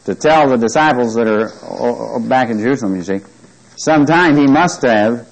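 A man's voice: medium pitch, moderate pace, gravelly, low-quality recording. A man teaching a Bible study, reading scripture aloud with emphasis and often checking whether listeners follow him. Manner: asks the listeners questions often.

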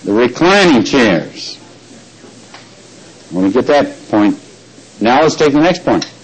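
A man preaching a Bible teaching sermon, stressing key words slowly and quizzing the congregation with questions. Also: medium pitch, sing-song, breathy edge, low-quality recording.

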